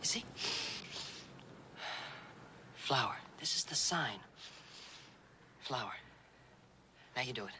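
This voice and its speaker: A man playing a patient young cowboy who teaches sign language to a deaf girl, speaking slowly and coaxing her along. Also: medium pitch, lively intonation, slight background noise. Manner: slow, coaxing, repeating words gently.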